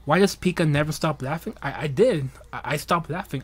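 A young man with a slightly high voice hosts his own livestream, rambling loosely and cracking himself up. His casual chat is full of jokes and drawn-out repetitions. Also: slightly rough. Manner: rambling, joking, laughs often, drawn-out bits. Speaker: livestream host.

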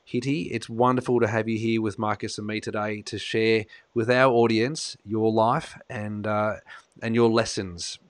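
A man co-hosting an interview show, effusive, excitable and openly emotional. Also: on the low side, moderate pace, dry recording. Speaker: co-host, wellness expert.

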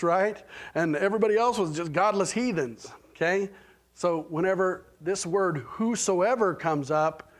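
A man with an Oklahoman accent preaching a sermon in a church, conversational and checking in often with "right?" and "okay?". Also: high voice. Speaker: pastor. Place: church sanctuary.

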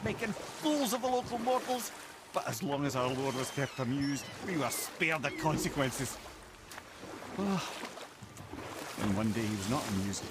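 A man's voice: on the high side, background noise. An actor playing a sly male fairy spirit and former jester, telling his past in a wry, theatrical way with a British accent. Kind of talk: video game dialogue.

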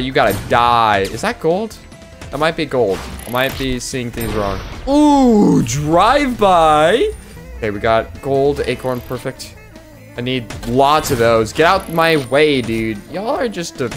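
A man giving excitable live gameplay commentary, yelping and laughing at the action as game music plays. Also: mid-range voice, a little slow.

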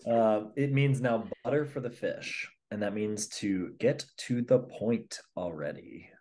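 A man's voice: lowish voice, a little slow, a little mellow. Dry, teasing man podcast host. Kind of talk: casual podcast chat.

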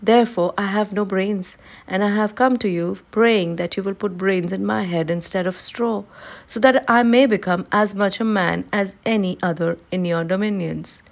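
A woman's voice: mid-range voice, normal speed, creaky, natural voice. A woman reading aloud, voicing a humble male scarecrow who bravely asks for brains.

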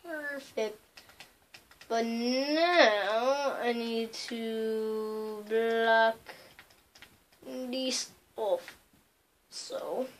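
Slow rambling woman gaming commentator. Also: fairly high pitch, slight background noise. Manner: rambling, filler-heavy, lots of "kinda" and "like". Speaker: gaming channel host. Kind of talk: casual let's-play commentary.

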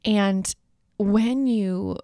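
A woman's voice: mid-range voice, drawn-out words, gravelly, clean tone, no echo. Earnest woman podcast host, dry sound. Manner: warm, earnest, explanatory. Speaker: podcast host, parenting coach. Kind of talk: solo podcast teaching.

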